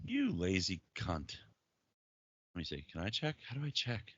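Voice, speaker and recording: A man hosting a podcast, telling stories in crude, profane, animated banter. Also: low voice, moderate pace, husky, highs cut off. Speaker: podcast host.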